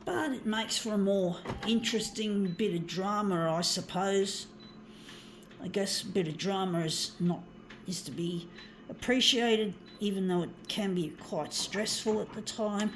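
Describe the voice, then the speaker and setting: A woman's voice: medium pitch, unhurried, slight background noise. A woman, talking to viewers in a rambling, casual vlog monologue while she works on her art, swearing often and calling them folks. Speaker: artist vlogger.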